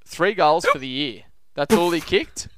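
An Australian man hosting a casual sports betting podcast, talking up his picks with confident, animated banter. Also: fairly high pitch, unhurried, no echo. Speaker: podcast host.

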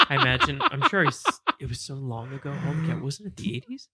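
A man's voice: mid-range voice, big pitch swings, quick pace, very noisy. A man co-hosting a podcast in casual chat, making dry quips and laughing often. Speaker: podcast co-host.

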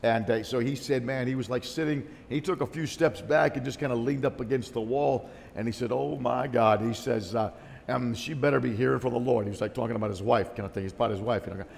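A man preaching a sermon, telling a story in a rambling, animated way with many restarts and asides. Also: mid-range voice, fast talker, creaky, slight background noise. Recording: long hall reverb.

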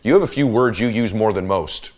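A man's voice: fairly low pitch, brisk, a little mellow. A man hosting a podcast, giving a motivational teaching monologue in an emphatic, repetitive coaching manner. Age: adult parent. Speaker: podcast host and sales coach.

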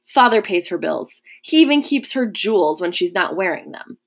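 A woman reading the part of a charming, scheming young Roman nobleman, smooth and mocking with a quiet menace. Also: lowish voice, sing-song, moderate pace, exaggerated voice. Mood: coaxing. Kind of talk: audiobook character reading.

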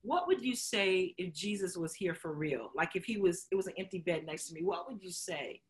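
A woman's voice: lowish voice, expressive, normal speed. A woman co-host telling a personal story in candid conversation, laughing often, acting out quotes and getting choked up as she talks. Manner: emotional, chokes up while telling it. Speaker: show host sharing her story.

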